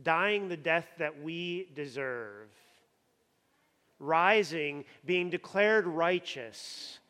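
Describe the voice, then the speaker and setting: A man's voice: a little high, drawn-out words, bright, forceful tone, smooth. A man preaching a sermon with emphasis, often repeating words as he builds up. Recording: long hall reverb.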